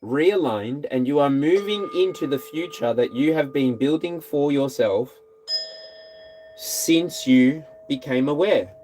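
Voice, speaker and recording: A man giving a casual tarot reading, animated and repetitive, now and then singing or whooping. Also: fairly high pitch, slow pace, a little hiss or hum. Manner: animated, repeats phrases, breaks into scat singing and whoops. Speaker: tarot reader.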